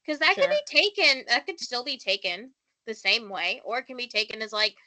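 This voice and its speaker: Bright-voiced chatty woman co-host. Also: on the high side, a little fast. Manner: animated, laughs easily, many fillers. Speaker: podcast co-host. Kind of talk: casual chat.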